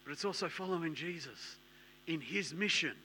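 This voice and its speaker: A man preaching a sermon, emphatic and repetitive, dropping to a hush and rising to loud bursts. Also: a little high, moderate pace, breathy edge. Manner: emphatic, repetitive, swings between hushed and loud.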